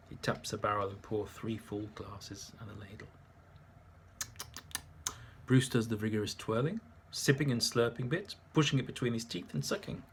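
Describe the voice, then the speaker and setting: A man's voice: lowish voice, moderate pace, a little hiss or hum. Wry man reading a memoir. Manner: dry, wry humour. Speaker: narrator. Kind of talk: audiobook memoir narration.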